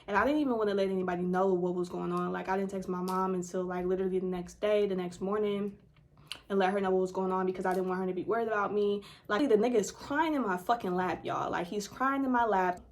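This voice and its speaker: A woman tells her story straight to the camera, blunt and unfiltered, swearing freely. Her pitch sits in a middle range. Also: fast talker. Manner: blunt, profane, animated retelling. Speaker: storytime vlogger. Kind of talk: casual storytelling.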